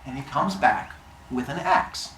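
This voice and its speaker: A woman's voice: very deep voice, lively intonation, unhurried, a bit bright, slight background noise. A woman telling a myth in a casual, jokey way, full of asides and acted-out voices. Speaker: storyteller. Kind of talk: casual comic retelling of a myth. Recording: roomy echo, faint ambience.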